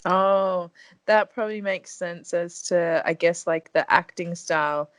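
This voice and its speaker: A woman's voice: fairly low pitch, measured pace, dry recording. A woman guesting on a podcast in casual chat, playful and laughing often.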